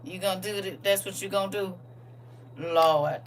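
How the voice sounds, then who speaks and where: A woman who founded a school, speaking to a live audience, moving from hushed talk to emotional shouts and close to tears. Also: medium pitch, fairly even intonation, moderate pace, background noise. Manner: emphatic, swinging from hushed to shouting. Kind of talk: live testimony address to an audience.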